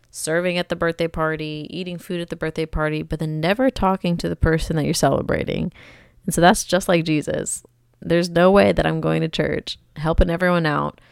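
In a clean, dry studio recording, a young woman with a low, gravelly yet smooth voice hosts a faith podcast. She sounds earnest and encouraging, keeping her tone conversational.

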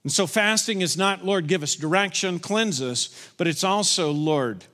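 A male pastor delivering a sermon with a bright, forceful tone and a slightly raised pitch. He slows down and leans in on spoken prayers. His voice rings with the long reverb of a large church hall. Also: expressive. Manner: preaching with slowed, emphatic prayer lines.

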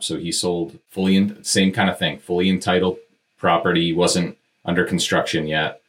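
A man with a deep, low-pitched voice tells a story in a candid, conversational monologue. He is blunt and frank, drops casual swearing, and talks right to his listeners like a podcast host. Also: fairly bright tone. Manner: conversational, addresses listeners directly. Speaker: podcast host and real estate developer.

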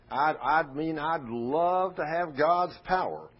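A man's voice: a little high, slow pace, slightly rough, dull audio. A man preaching a sermon, telling stories in a folksy way with rhetorical questions.

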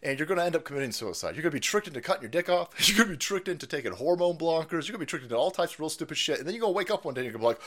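Male stream host, crude mocking rant, lively pitch swings, slightly higher voice. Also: very fast, few pauses. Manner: profane, mocking, swings between shouting and muttering, laughs often. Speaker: livestream host. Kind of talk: ranting live commentary.

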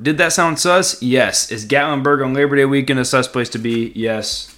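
A young man hosting a casual solo podcast, rambling and joking, with sudden loud outbursts. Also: medium pitch, fairly quick. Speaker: podcast host.

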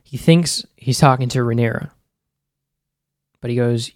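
A man hosting a podcast, rambling through an episode recap in loose, casual commentary with lots of "like" and restarts. His voice sits at a middle pitch, and the recording is dry and close. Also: fairly even intonation, normal speed, pauses often, a little mellow, dry recording. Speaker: podcast host.

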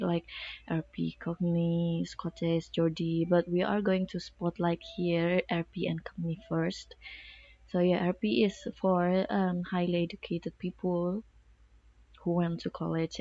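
A woman student in a casual discussion, talking haltingly with many fillers. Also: lowish voice, mellow, no room sound, dull audio.

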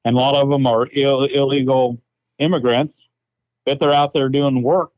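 Guest: mid-pitched plain-spoken man from Florida, halting delivery, dry sound. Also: steady tone, darkish tone, dry recording, rough recording. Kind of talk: casual chat.

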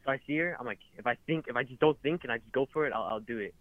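A man's voice: medium pitch, racing, no echo. A male caller telling his story in a hesitant, stammering way, often apologizing. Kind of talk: phone-in chat. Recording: tinny phone line.

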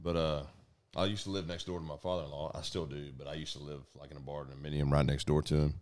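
Deep-voiced man telling a wild story. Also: fast talker. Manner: profane, animated, acts out voices. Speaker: storyteller among friends. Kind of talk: casual storytelling.

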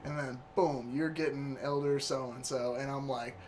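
A man's voice: medium pitch, a little slow, a little hiss or hum. A young man telling stories in a loose, profane, laughing way during a casual chat. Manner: profane, laughing, animated retelling.

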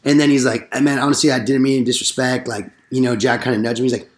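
A man's voice: mid-range voice, level tone, fast. A young man casually telling door-knocking stories, full of slang and swearing, acting out the people he quotes. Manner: rambling storytelling with slang and swearing, acts out quotes. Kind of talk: casual podcast chat.

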